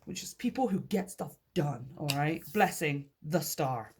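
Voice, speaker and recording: A woman's voice: low voice, lively intonation, measured pace, noisy background. A woman giving a casual tarot reading to her viewers, upbeat and encouraging, often laughing and repeating key phrases for emphasis. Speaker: tarot reader.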